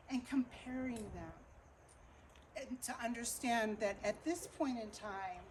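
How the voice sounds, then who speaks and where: A middle-aged woman speaks earnestly about her book, with a preacherly, lecturing cadence. Her voice sits a little high for a woman. Steady background noise is audible throughout the recording. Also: low-quality recording. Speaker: author giving a book talk. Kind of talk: lecture-style book talk. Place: bookstore event room.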